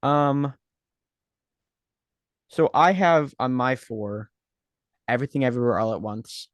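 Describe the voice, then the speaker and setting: Male podcast co-host, mid-pitched, dry sound, playful and keen. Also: lively intonation, a little slow, dry recording. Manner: enthusiastic, playful banter. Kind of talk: casual chat.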